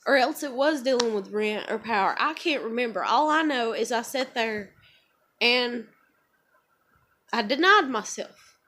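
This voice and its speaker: Woman, high voice, confessional vlogger, raw and rambling. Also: expressive, measured pace, bright, forceful tone, a little hiss or hum. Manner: emotional, rambling, many fillers. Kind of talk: confessional vlog monologue.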